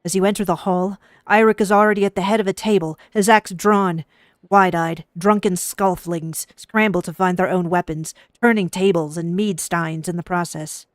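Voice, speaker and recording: A woman's voice: on the low side, fairly even intonation, normal speed, no room sound, clean studio sound. A woman reading out game narration and chatting playfully on a stream, referring to herself in the third person. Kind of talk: casual streaming chat and reading game text.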